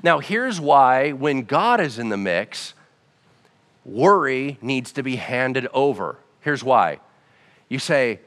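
Energetic male pastor, bright voice with a wide range, conversational sermon, long church-hall reverb. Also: medium pitch, a little slow. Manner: animated, conversational preaching with acted-out dialogue.

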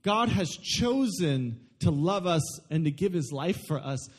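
A young man preaching a sermon, telling family stories and acting out quotes in an animated way. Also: on the high side, a little slow. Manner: animated storytelling with acted-out quotes. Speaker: pastor.

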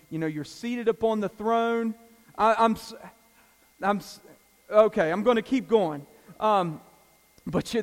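A pastor preaching a Wednesday evening sermon in a conversational way, with filler words and side comments, who also reads scripture aloud at a measured pace. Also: male voice, on the high side, darkish tone, in a large hall. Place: church sanctuary.

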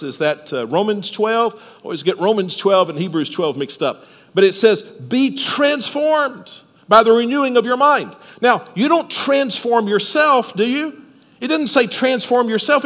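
A man's voice: high voice, a bit bright, in a large hall. A man preaching a sermon at a church service, explaining step by step and asking the listeners questions. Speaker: pastor.

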